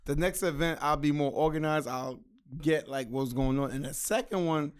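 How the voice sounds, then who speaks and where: A man guest on a podcast, telling stories in a relaxed, slangy, casual way. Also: on the high side, normal speed, clean tone. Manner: laid-back, slangy storytelling. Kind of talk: casual storytelling chat.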